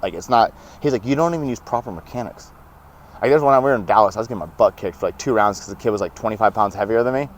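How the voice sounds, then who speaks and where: Young male guest, lower voice, lively anecdotes with acted-out quotes. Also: very fast, hardly any pauses, a little hiss or hum. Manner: animated, laughs often, acts out quoted dialogue. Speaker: podcast guest. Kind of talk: casual storytelling.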